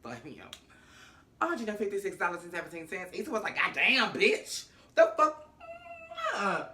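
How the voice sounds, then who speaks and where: Woman, AAVE, casual TV recap, animated, slangy and cursing, acts out the characters, bright forceful tone. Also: on the low side, a little fast, slight background noise. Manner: animated, acts out characters' lines in different voices; slangy and profane. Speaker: TV episode recap host.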